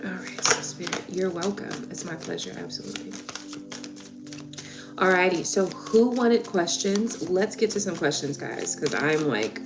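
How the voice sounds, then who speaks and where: A woman's voice: lowish voice, animated, measured pace, loud music behind the voice. A young woman giving tarot readings on a live stream, chatting casually and emotionally with viewers.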